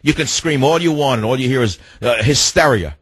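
A male talk radio host with a husky, slightly rough voice and a dry, close studio sound. He rants and mocks with a combative edge. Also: mid-range voice, brisk, a bit bright, no echo. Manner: ranting, scornful, mocking, cuts callers off.

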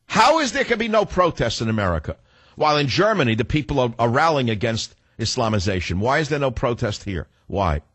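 A man's voice: mid-range voice, very animated, brisk, a bit bright, breathy edge, no echo. A male radio talk show host giving an indignant monologue full of repeated rhetorical questions.

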